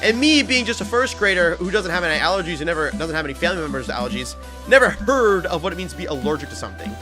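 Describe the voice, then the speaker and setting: A man chatting casually with his viewers during a live game stream, telling stories with sudden excited bursts. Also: sits high, racing, music in the background. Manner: excitable storyteller, talks to chat, loud bursts. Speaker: livestreamer. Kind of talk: casual live-stream chat while gaming.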